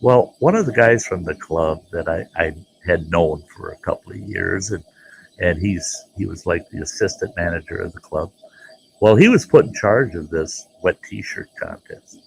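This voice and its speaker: A man telling a folksy, animated story as the host of his own show, jumping into voices for the people he quotes. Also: sits low, normal speed, gravelly, slight background noise, low-quality recording. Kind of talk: casual spoken storytelling.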